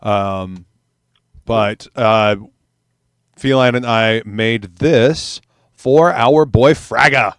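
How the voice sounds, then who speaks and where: A man hosting a loose livestream hangout, talking in a rambling way full of fillers and frequent swearing. His voice is smooth and resonant at a middle pitch. The recording is dry and close. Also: very slow, long pauses, a bit bright, no room sound. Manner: profane, rambling with many fillers. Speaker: host. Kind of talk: casual livestream chat.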